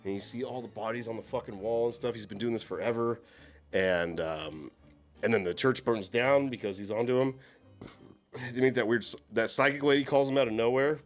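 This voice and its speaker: A man co-hosting a relaxed movie-talk show, speaking with animated energy and casual swearing. His voice sits at an ordinary pitch, with faint music playing behind him. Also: brisk. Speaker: co-host.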